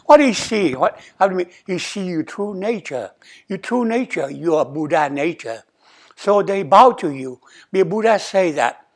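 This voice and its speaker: In a temple hall, an elderly abbot gives a dharma talk in simple, repetitive non-native English, his voice sitting a little high. He keeps checking in with "okay?" and performs quoted dialogue, building the emphasis as he goes.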